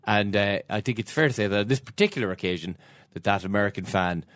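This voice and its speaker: A man co-hosting, talking in a relaxed, reflective way with plenty of fillers. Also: on the low side, fast talker, no echo, clean studio sound. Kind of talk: casual chat.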